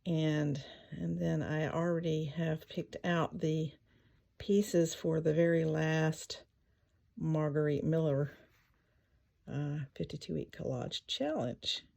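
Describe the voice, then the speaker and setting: A woman talks slowly through her craft project in a casual vlog, thinking aloud as she goes. Her voice is gravelly and mellow, sitting a little low, and now and then she drops to a soft whisper to spell out letters. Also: fairly even intonation. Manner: slow, chatty, thinking aloud while working. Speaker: craft channel host.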